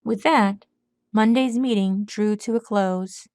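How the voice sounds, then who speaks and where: A woman narrating her own fan fiction audiobook in a steady, even storytelling voice. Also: medium pitch, takes it slowly. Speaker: audiobook reader.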